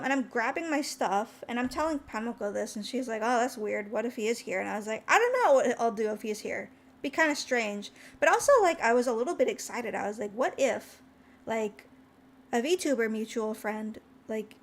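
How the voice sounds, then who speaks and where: A young woman streamer telling a long, chatty story. She acts out what people said and jumps in pitch when she gets excited, and she sounds tired. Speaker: VTuber streamer.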